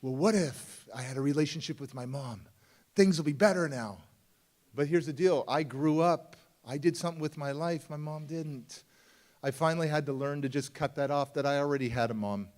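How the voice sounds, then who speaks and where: Confiding male motivational speaker. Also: medium pitch. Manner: conversational and confiding, swings between loud emphatic lines and quiet hushed ones. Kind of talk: live storytelling talk and audience Q&A. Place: summit talk before a live audience.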